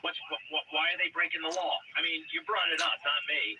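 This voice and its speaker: A man's voice: fairly high pitch, fairly even intonation, a little fast, highs cut off, background noise. Needling, combative male radio host. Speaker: radio talk show host. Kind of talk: call-in talk radio.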